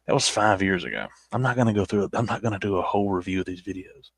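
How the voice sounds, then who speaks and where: Southern male vlogger, rambling and self-mocking, low husky voice, dry close mic. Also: very fast, no echo. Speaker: YouTuber reviewing his old videos. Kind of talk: casual chat.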